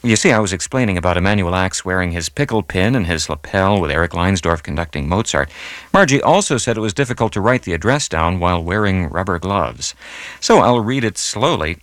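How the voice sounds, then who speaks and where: A male radio host reads scripted announcements in a low voice with lots of rise and fall in his pitch. His delivery is measured and announcer-like, recorded dry and close. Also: sing-song, a bit bright, dry recording.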